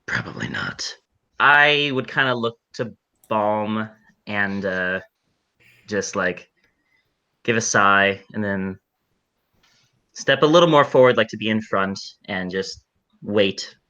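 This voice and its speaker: Male tabletop player, low and bright, animated delivery, narrates his character's moves. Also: takes it slowly, pauses often, lo-fi sound. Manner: narrates his character's actions in third person. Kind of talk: casual tabletop play.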